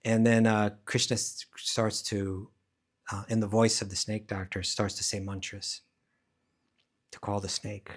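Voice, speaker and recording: A man's voice: fairly low pitch, unhurried. A man, a spiritual teacher, leading a scripture class, telling a story casually and animatedly. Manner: animated, casual, acts out voices. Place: class at a rural eco village.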